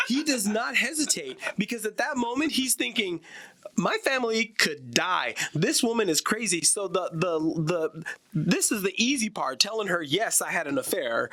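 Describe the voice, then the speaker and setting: Male podcast co-host, bright, slightly high voice, long scene recaps, dry close mic. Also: no room sound. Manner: recounts film scenes at length, quoting dialogue. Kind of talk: casual chat.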